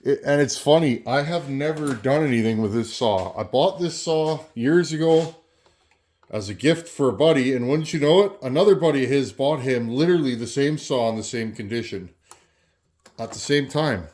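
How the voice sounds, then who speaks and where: A man's voice: medium pitch, moderate pace, a little mellow. A man hosting a casual workshop vlog, chatty and rambling as he works with his tools, sometimes moving off the camera mic. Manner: chatty and rambling, talks while working with tools. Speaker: chainsaw channel host.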